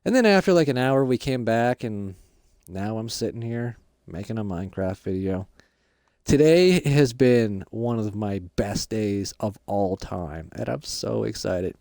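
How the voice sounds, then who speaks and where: A man playing a rambling, excitable dad. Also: fairly low pitch, measured pace, vocal fry, no room sound, clean studio sound. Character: hyper, goofy dad fresh out of prison. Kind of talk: Minecraft role-play.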